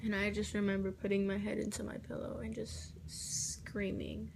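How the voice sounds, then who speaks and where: A teenage girl tells a personal story straight to the camera, halting and restarting, sometimes sinking into a soft whisper. Her voice stays level and carries a gravelly fry. Clear background noise sits under the recording. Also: mid-range voice, little pitch movement, rough recording. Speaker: vlogger.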